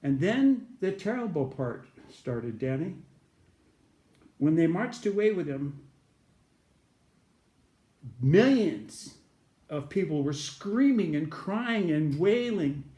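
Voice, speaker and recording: A man's voice: a little high, sing-song, a little slow, warm tone, reverberant. A man, a guest in an interview, earnestly retelling an experience and acting out the voices in it. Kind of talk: storytelling a near-death experience.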